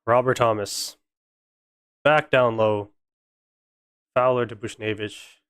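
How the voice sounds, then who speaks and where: A man's voice: medium pitch, steady tone, takes it slowly, a bit bright, smooth, no echo, studio quality. A young man giving fan play-by-play on a live stream, frustrated and sarcastic about his team. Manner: exasperated, sarcastic fan commentary.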